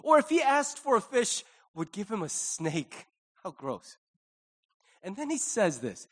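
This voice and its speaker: Lively, animated middle-aged pastor. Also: male voice, high voice, a little slow. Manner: animated storyteller acting out quoted dialogue. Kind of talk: conversational sermon.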